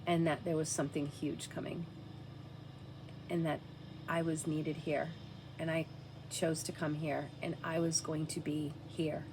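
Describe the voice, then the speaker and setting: Low-voiced woman, earnest and halting. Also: flat delivery, noisy background. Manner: halting, drops to a hushed near-whisper at times; earnest, frequent "like" fillers. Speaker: mother telling a personal story. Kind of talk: personal storytelling vlog.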